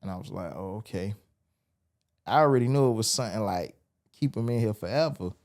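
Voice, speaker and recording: A man's voice: lowish voice, lively intonation, fairly quick, darkish tone. A man, telling his story as a podcast guest and acting out the voices he quotes. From Miami, USA. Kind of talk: storytelling interview.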